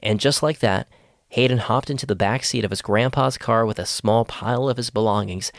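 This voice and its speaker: A man narrating a documentary podcast in a measured storytelling cadence. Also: fairly low pitch, creaky, dry recording, studio quality. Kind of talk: scripted narration.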